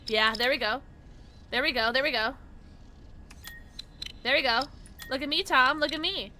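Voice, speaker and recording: A young woman streaming a game, bubbly and tipsy, chatting excitedly with her viewers and squealing often. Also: high voice, normal speed, a little hiss or hum. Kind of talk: casual live-stream chat while gaming.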